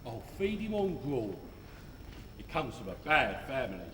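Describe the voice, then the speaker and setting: An actor playing a pompous, blustering parish beadle on a theatre stage, declaiming in amateur stage musical style. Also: male voice, medium pitch, very animated, normal speed, lightly acted. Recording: echoey hall from far off, noise.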